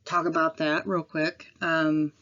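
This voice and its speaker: A Midwestern American vlogger talks casually into her camera at home, rambling a bit with pauses and apologies. Her voice sits low with a level, fairly bright tone, and the recording is dull and lo-fi.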